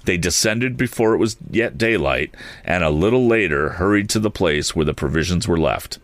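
A man's voice: low-pitched, moderate pace, no echo. A man reading a story aloud, giving each character a voice, with a few restarts along the way. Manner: animated, lively reading with occasional restarts. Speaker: audiobook reader.

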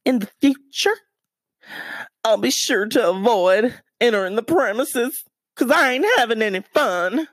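A man's voice: very high-pitched, expressive, unhurried, a bit bright, dry recording, voice pushed up, heavily acted. A man putting on a sassy Southern drawl. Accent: American Southern, put on. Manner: sassy, scolding.

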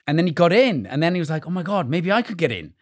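A middle-aged man with a Welsh accent talks easily in a relaxed podcast conversation. His voice sits a little high for a man, and he acts out other people's lines with big, animated jumps. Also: fast. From Wales. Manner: animated storyteller who acts out voices in quotes. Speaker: guest actor. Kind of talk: casual podcast chat.

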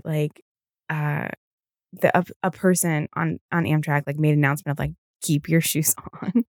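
A woman's voice: fairly low pitch, darkish tone, dry recording, clean studio sound. A tired young woman hosting a podcast on her own. She rambles in a casual chat, packs her talk with fillers and swears freely. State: tired, yawning. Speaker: podcast host.

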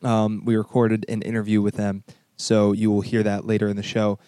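A young man hosting a casual music podcast, chatty and halting with lots of fillers and restarts. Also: fairly low pitch, monotone, mellow, smooth, dry recording, clean studio sound. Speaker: podcast host. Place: New York studio.

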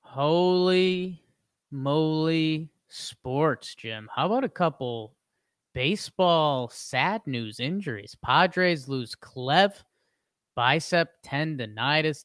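A man's voice: medium pitch, fairly bright tone, clean tone, no echo, clean studio sound. A man co-hosting a podcast, casually reading a sports rundown with quips between headlines.

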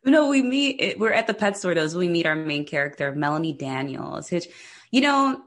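A woman's voice: on the low side, sing-song, normal speed. A woman co-hosting a casual film discussion, wry and sarcastic, laughing often. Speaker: podcast co-host.

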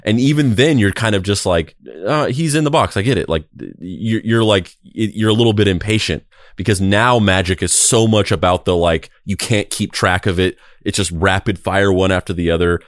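Man, podcast co-host, casual rambling chat, filler-heavy, low voice, dry close recording. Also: normal speed, no echo.

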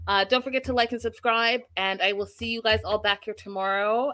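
Woman, young adult, live-stream host, bubbly, giggly, animated, bright tone. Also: a little high, fairly quick, few pauses. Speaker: live stream host recapping a reality show. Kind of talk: casual live-stream chat.

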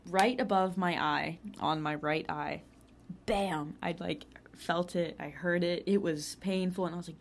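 A woman's voice: fairly low pitch, steady tone, moderate pace, a little hiss or hum. A young woman telling a personal story in a casual, chatty way, full of filler words and laughs. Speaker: podcast host.

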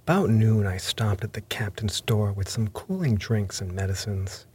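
A man reading a story aloud in first-person narration, measured and even. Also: lowish voice, slightly rough. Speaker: audiobook narrator.

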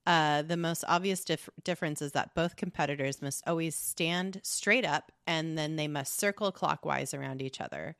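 A woman's voice: low voice, normal speed, hardly any pauses, fairly bright tone, clean tone, dry recording, clean studio sound. A woman co-hosting a casual podcast chat, joking and swearing as she reads out facts and laughs often. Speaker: podcast co-host.

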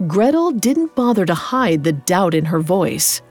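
A woman host reading a scripted story in a measured, dramatic way. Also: fairly low pitch, big pitch swings, darkish tone, soft background music. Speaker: podcast host and narrator.

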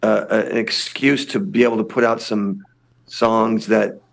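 Older male guest, gravel in a low voice, loose rambling talk. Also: level tone, a little slow. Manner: rambling, many restarts and fillers. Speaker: lead singer of a punk band, podcast guest. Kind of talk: casual interview chat.

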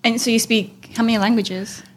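A woman's voice: fairly high pitch, steady tone, brisk. A woman hosting a podcast, introducing and interviewing a guest in a friendly, casual way and laughing easily. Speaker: podcast host.

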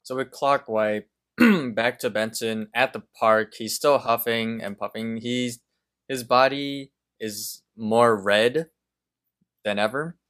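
A man co-hosting a podcast, calmly retelling a cartoon episode scene by scene with small fillers. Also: mid-range voice, clear, resonant tone. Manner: slow, measured retelling with fillers. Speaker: podcast co-host. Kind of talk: casual episode recap.

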